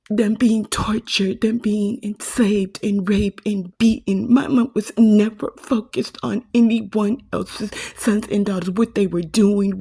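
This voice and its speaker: Distressed woman, accusing monologue, slow husky delivery that keeps slipping into whispers. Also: medium pitch, warm tone. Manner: accusing, repetitive lists, slips into whispers. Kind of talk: emotional monologue to camera.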